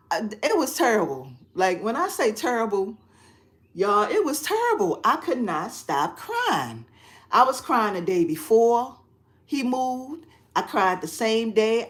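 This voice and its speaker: A middle-aged woman chatting casually on a phone live stream from a quiet room at home, expressive and quick to laugh. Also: on the high side. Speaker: craft channel host. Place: quiet spare bedroom at home.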